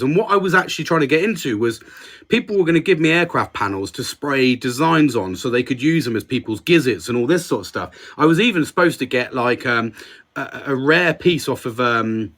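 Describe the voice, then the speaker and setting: A man co-hosting a podcast, chatting casually, lively and sweary, sometimes boastful. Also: medium pitch. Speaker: podcast co-host. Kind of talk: casual banter.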